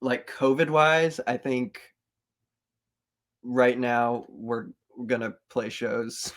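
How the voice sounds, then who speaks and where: A man's voice: mid-range voice, very slow, a bit bright. A man who plays in a band, talking as a guest on a casual podcast, loose and hedging with lots of fillers. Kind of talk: casual chat.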